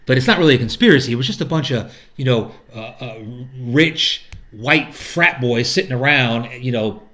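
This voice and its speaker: A man's voice: mid-range voice, expressive, moderate pace, a bit bright. A middle-aged man ranting casually to camera, rambling and profane, acting out the people he quotes. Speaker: vlogger. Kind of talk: casual rant.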